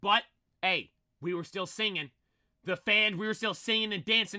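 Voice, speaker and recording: A young man streamer chatting casually, excitable and rambling, restarting his sentences again and again. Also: sits high, normal speed, no room sound, clean studio sound. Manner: excitable, rambling, full of "like" and "dude", many restarts.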